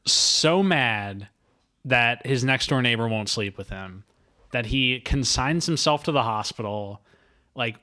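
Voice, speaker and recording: A man's voice: medium pitch, expressive, slow, bright, forceful tone. A man hosting a podcast, chatting casually and eagerly retelling movie scenes. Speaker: podcast host. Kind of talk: casual movie-review chat.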